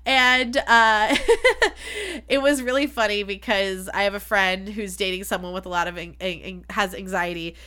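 Bright, frank woman podcast host. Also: medium pitch, steady tone, normal speed, hardly any pauses, clear, resonant tone. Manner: frank, swears freely, chatty and self-deprecating. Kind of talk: candid solo podcast talk.

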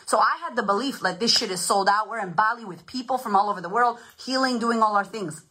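A woman in her thirties, a podcast host and confidence coach, gives a blunt, swearing, emphatic motivational talk on a casual livestream. Her mid-range voice is quick, pushed and bright, and the audio quality is poor.

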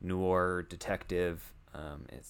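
An American man co-hosting a casual podcast, excitable and playful. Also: sits low, slow pace, clear, resonant tone. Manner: excitable, playful, jokes around. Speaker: podcast co-host.

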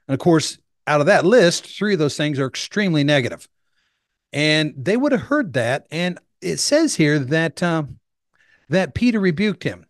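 A male pastor preaches in a relaxed, conversational way and sounds eager as he explains. His voice sits a little high for a man. It comes across dry and close, with no room sound. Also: moderate pace, dry recording. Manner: enthusiastic, chatty and explanatory. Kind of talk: conversational sermon.

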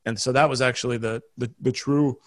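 An American man hosting a podcast, rambling in casual chat with many restarts and quick laughs. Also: medium pitch, fairly even intonation. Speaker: podcast host.

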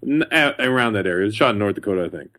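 A man's voice: lowish voice, lively intonation, rapid-fire, pushed and bright. A Canadian man, a comedian guest, chatting casually and teasing dryly, with a Canadian accent. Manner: dry, teasing. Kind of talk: casual chat.

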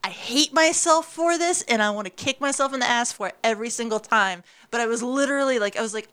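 A young woman telling a dating story as a podcast guest, animated and full of fillers, with plenty of swearing. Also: a little high, quick pace, hardly any pauses, clean tone. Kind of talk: casual storytelling. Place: studio.

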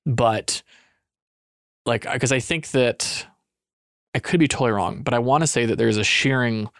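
A man's voice: medium pitch, normal speed, a bit bright, smooth, dry recording, clean studio sound. Easygoing young man, casual podcast host. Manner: easygoing, hedging, jokey.

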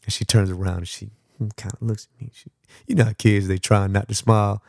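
A low-voiced man with a gravelly edge tells a personal story as a podcast host, acting out the dialogue with lively energy and frequent laughs. The sound is dry and close, with no room around it. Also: brisk, no echo. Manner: animated storyteller, acts out dialogue, laughs often.

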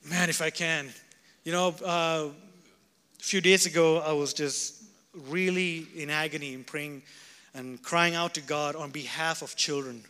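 Male pastor, high bright voice, fervent sermon delivery, echoey hall. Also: fairly even intonation, unhurried, clean tone. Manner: fervent, swings from shouting to quiet prayerful tones. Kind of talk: sermon at a revival gathering.

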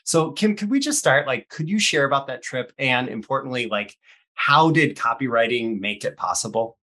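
A man's voice: mid-range voice, expressive, moderate pace, sharp tone. A man hosting an interview podcast, upbeat and playful, with loose phrasing and fillers. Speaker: podcast host.

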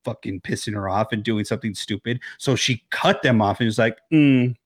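A man's voice: on the low side, a little fast, husky, no echo, studio quality. A man co-hosting a horror movie podcast, talking casually and acting out characters' lines with lots of restarts. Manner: animated, acts out characters' lines, many restarts. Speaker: podcast co-host. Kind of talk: casual film discussion.

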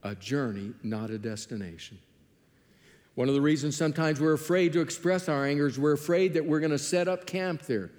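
A man preaching a sermon, telling Bible stories with lively acted-out dialogue. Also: fairly high pitch, a little fast, long reverb tail. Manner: animated storytelling, acting out biblical dialogue. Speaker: pastor.

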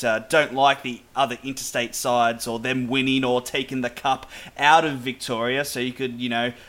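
Brief: Australian male interviewer, mid-pitched, chatty, explaining, filler-heavy. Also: fairly bright tone. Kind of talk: casual interview.

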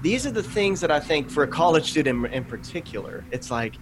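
A man in his late thirties, a guest author on a faith podcast, talking earnestly and telling animated stories with quoted asides. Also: fairly high pitch, a little fast, noisy background. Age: 30s. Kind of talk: conversational interview.

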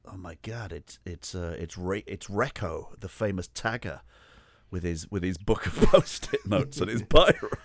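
Deep gravelly host. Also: male voice, expressive, moderate pace, dry recording. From north of England. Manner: laughing, jokey back-and-forth. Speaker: podcast host. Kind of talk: casual chat.

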